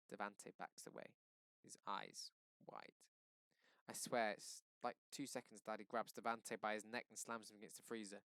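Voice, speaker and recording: A male teacher reading a novel aloud to his class in a lively, expressive way. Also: lowish voice, moderate pace, no room sound.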